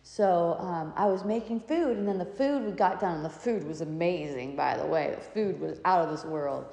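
A woman giving a reflective spiritual talk, telling a personal story in an animated, chatty way with frequent restarts. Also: on the low side, normal speed, creaky. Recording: echoey hall, reverberant.

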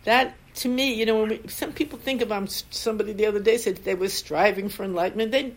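A woman's voice: medium pitch, steady tone, quick pace. An older woman, a Zen teacher, giving a dharma talk with anecdotes and frequent laughter. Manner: warm storytelling, laughs often.

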